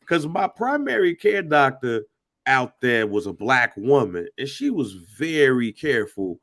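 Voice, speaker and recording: A podcast co-host with a mid-range voice tells a story a little slowly, in casual chat loaded with slang and swearing. His storytelling is profane and animated.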